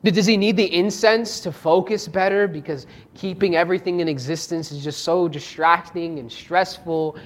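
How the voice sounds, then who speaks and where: Preacher delivering a reflective sermon, reading scripture with expressive swings from soft to emphatic, mid-range voice. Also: normal speed, hardly any pauses. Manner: expressive, swings between soft low asides and raised emphatic lines; reflective, asks rhetorical questions.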